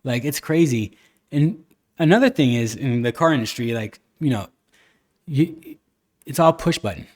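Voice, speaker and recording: A man's voice: mid-range voice, animated, normal speed, pauses often, darkish tone. A man hosting a casual podcast chat, telling stories animatedly and acting out the people he quotes. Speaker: podcast host.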